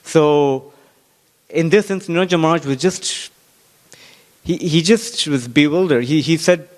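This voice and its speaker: A man giving a sermon-style scripture class in a temple, telling a story with lively acted-out quotes and frequent fillers. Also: on the high side, measured pace. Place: temple hall.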